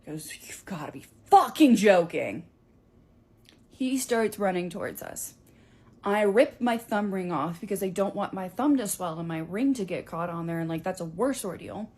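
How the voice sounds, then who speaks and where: Young woman, casual animated storytelling voice, mid pitch. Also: moderate pace. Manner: animated, chatty, filler-heavy.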